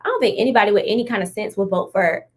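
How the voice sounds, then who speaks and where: A woman's voice: mid-range voice, rapid-fire, slight background noise. A young woman co-hosting a podcast, talking in a blunt, emphatic, slangy way. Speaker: podcast co-host. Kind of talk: casual chat.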